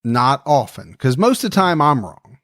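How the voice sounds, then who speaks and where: A man's voice: medium pitch, sing-song, normal speed, fairly bright tone, no echo, clean studio sound. A man co-hosting a podcast, chatting casually in joking, self-deprecating banter. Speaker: podcast co-host. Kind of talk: casual chat.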